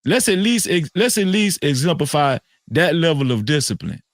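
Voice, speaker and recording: A man on a podcast panel, lecturing and swinging from low murmurs to shouts. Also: big pitch swings, moderate pace, dry recording, studio quality. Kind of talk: heated panel talk. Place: live-stream podcast studio.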